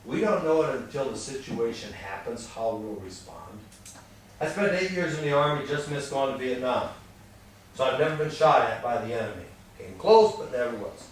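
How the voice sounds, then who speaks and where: A man's voice: mid-range voice, lively intonation, normal speed, slight background noise. Folksy older man speaking in an echoey hall. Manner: folksy storytelling, acts out quoted exchanges. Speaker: marriage seminar speaker. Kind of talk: teaching talk to an audience. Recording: distant mic in an echoey room.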